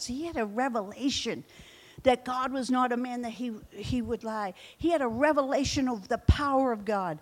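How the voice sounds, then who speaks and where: A woman pastor preaching a sermon, reading scripture aloud and acting out the quoted lines with lively shifts in loudness. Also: fairly high pitch, moderate pace.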